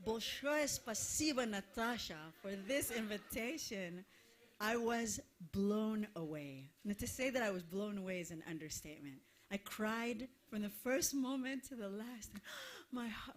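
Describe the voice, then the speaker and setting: A woman, a singer talking between songs to a live concert audience in a playful, effusive way. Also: medium pitch. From Israel. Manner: effusive and playful, laughing and gushing to the crowd.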